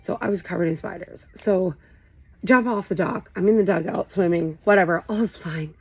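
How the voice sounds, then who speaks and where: Brief: thirties woman, casual vlogger, low gravelly fry, chatty and rambling. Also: moderate pace, poor audio. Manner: animated, rambling, lots of fillers. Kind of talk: casual storytelling chat. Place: home, late night.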